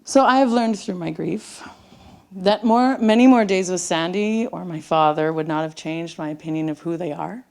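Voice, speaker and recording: Speaking at a moderate pace, she has a lowish, darkish voice with vocal fry. The middle-aged woman is a storyteller performing live on a theater stage for an audience, telling a personal story intimately and lowering to near-whispers in tender moments.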